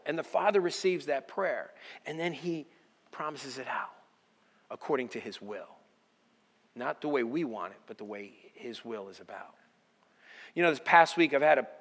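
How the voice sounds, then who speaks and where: A man's voice: on the high side, fairly bright tone. Man preaching in an echoing hall. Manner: storytelling with quoted dialogue. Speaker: pastor. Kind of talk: sermon.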